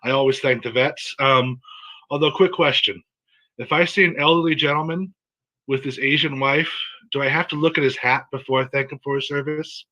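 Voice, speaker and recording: A man from San Diego doing a stand-up set, telling jokes and a story in a deadpan way. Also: medium pitch, normal speed, dull audio. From San Diego, USA. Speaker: stand-up comic.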